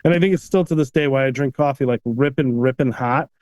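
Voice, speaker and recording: A man, a chef and restaurant owner, telling stories casually in an animated way, often tagging "you know what I mean.". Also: medium pitch, fast, no room sound. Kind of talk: casual storytelling.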